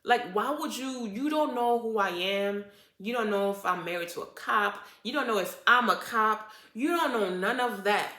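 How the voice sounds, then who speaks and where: Woman doing a storytime vlog, fired up and indignant, bright voice in an echoey room. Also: fairly high pitch, normal speed. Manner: animated and indignant, full of "like" and restarts. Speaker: vlogger telling a story. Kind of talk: storytime vlog, casual retelling.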